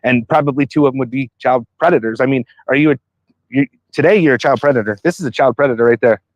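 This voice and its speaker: A man's voice: mid-range voice, quick pace, no echo, lo-fi sound. A man hosting a stream, confronting someone in a heated, accusing way and swearing freely. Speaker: stream host confronting a suspect.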